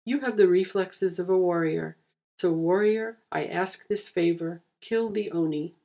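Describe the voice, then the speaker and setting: A woman's voice: on the low side, unhurried, warm tone. A woman voicing a small, bossy male hare guardian who speaks primly and insistently and gets huffy. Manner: prim, insistent, easily huffy.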